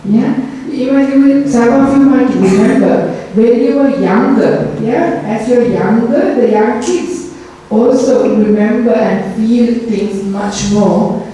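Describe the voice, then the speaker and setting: A woman teaching children at a Dhamma school, telling a story gently and asking them lots of questions. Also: on the high side, recorded from a distance, slight background noise. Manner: slow, gentle, asks the children many questions. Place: temple hall. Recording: echoey hall, voice from afar.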